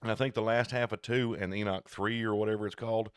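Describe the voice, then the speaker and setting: A man co-hosting a casual podcast chat, talking in an animated, digressive, jokey way. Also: lowish voice, fast, smooth, no echo, clean studio sound. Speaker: podcast co-host.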